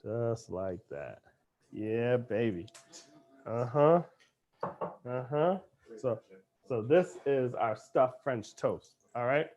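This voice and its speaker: A man's voice: mid-range voice, expressive, takes it slowly, darkish tone, dull audio. A man hosting a cooking demonstration in a kitchen, talking in a playful, chatty way as he cooks. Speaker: cooking show chef.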